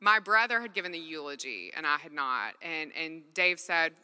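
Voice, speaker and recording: A woman speaking from a stage at a faith gathering, giving an earnest personal talk in a loose, conversational way. Her voice sits low but has a strongly bright, forceful edge. Long reverb from a big hall trails each phrase. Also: animated, moderate pace, clear, resonant tone. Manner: earnest, conversational, with frequent "like" fillers.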